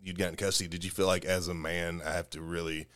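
A man's voice: low voice, level tone, quick pace, fairly bright tone, clean tone, dry recording, clean studio sound. A man hosting a podcast in casual chat, teasing his co-host with jokes while asking him questions. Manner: joking, teasing interviewer.

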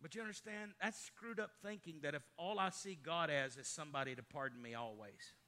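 A middle-aged pastor, preaching a sermon, moving from loud emphatic lines to hushed storytelling. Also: male voice, fairly high pitch, brisk.

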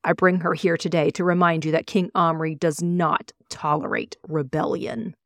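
A woman voicing a cruel, proud young prince who rides a dragon, proclaiming loudly in an audiobook reading. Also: low-pitched, fairly even intonation, normal speed, no room sound, studio quality. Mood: commanding. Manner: commanding, proclaiming.

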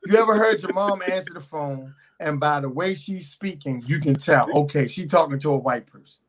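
A man's voice: a little high, moderate pace, crowd noise. Emphatic man in casual group chat. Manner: emphatic, repeats words to hold the floor.

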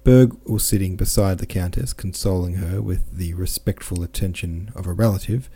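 At a moderate pace, a male audiobook narrator reads a classic novel in a low, warm voice that's slightly rough. He varies his tone mildly as he moves between characters' dialogue.

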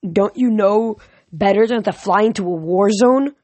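A male reader voicing a brisk, sharp-tongued teenage girl demigod in an audiobook reading, a little louder and higher than his narration. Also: no room sound. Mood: curt.

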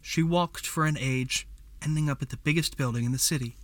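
A man narrating a fantasy story as a scripted audiobook reading, in a measured storytelling manner. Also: a little high, dry recording.

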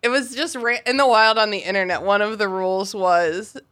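A woman's voice: medium pitch, steady tone, fairly quick, a bit bright. A woman in her late twenties co-hosting a podcast, giggly and jokey in an irreverent, casual chat. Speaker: podcast co-host.

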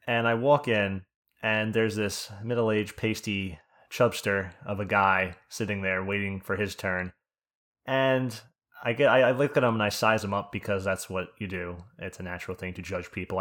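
Man, from New Jersey, podcast host, casual storytelling, profane, animated, acts out quotes. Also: lowish voice.

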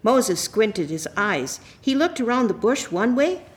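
A woman reading scripture in a church service and leading a gentle children's message. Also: a little high, very animated, unhurried. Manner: gentle, storytelling tone aimed at children. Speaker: lay reader and children's message leader.

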